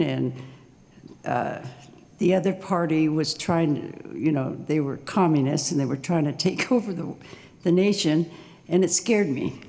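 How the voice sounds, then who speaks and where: A woman in her sixties telling her own story on stage at a live storytelling night, nervous and halting, with small laughs. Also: lowish voice, gravelly, mellow, in a large hall.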